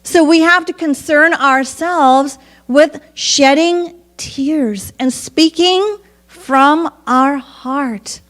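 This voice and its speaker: High-voiced woman preacher, slow and earnest. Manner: earnest, measured storytelling. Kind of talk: devotional sermon storytelling.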